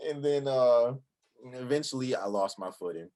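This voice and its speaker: A man's voice: medium pitch, moderate pace, a little mellow. A young man co-hosting a channel, telling a story in a casual, profane way and acting out his own thoughts in quotes. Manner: laid-back, profane, recounts with quoted inner thoughts. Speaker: channel co-host.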